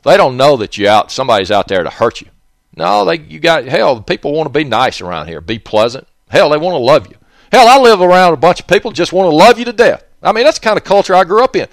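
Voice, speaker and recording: Southern man host, blunt and profane, animated delivery, dry close sound. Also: fairly high pitch, quick pace, no echo. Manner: blunt, profane, rambling, digressive. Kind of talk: rambling casual monologue.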